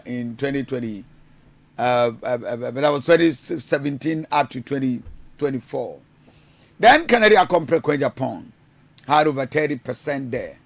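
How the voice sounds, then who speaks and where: A man's voice: mid-range voice, gravelly, dry recording. A man hosting a radio show, talking through the news with frequent fillers and switching between English and Twi. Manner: mixes Twi into English, many fillers and restarts. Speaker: radio host. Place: radio studio.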